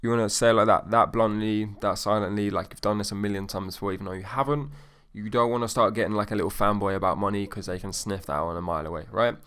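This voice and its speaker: Smooth-voiced young man coaching sales. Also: on the low side, quick pace. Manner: animated, swears freely, acts out both sides of sales calls. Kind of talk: casual instructional talk.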